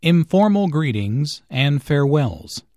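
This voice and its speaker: Slow, careful male language teacher. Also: fairly high pitch, sing-song, dark tone, dry recording, clean studio sound. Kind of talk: scripted instructional narration.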